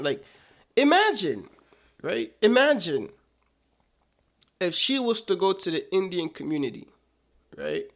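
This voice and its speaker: A man's voice: high voice, huge pitch swings, measured pace, pauses often, a bit bright. A man delivering political commentary, emphatic and indignant, repeating his points for weight.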